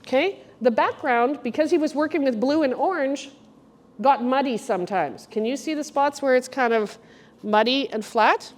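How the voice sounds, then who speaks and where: Middle-aged woman, gallery curator, chatty and animated, talks straight to the group, somewhat high-pitched. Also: moderate pace. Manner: chatty, animated storyteller, addresses the group directly. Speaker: guest curator. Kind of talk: gallery walk-through talk to a group. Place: art gallery exhibition room.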